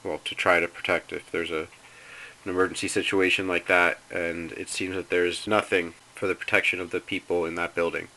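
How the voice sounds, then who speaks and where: A man's voice: sits low, flat delivery, fairly quick, sharp tone, slight background noise, poor audio. A man calling as a concerned citizen, asking careful, persistent questions about building safety. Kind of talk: phone inquiry.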